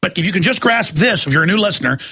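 A man hosting a talk radio show, ranting angrily, often shouting at his listeners. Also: sits high, lively intonation, rapid-fire, slightly rough. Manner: angry, shouting, accusatory. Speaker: radio host.

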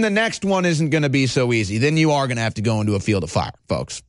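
A male talk show host delivering a heated, agitated monologue, swinging between low intensity and shouting. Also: sing-song, quick pace, hardly any pauses, no room sound, studio quality.

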